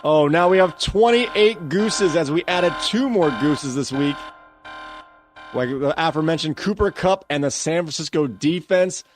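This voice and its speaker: Excitable high-voiced man ranting. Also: measured pace, soft background music. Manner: excitable, prone to loud ranting. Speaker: podcast co-host. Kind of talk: casual podcast chat.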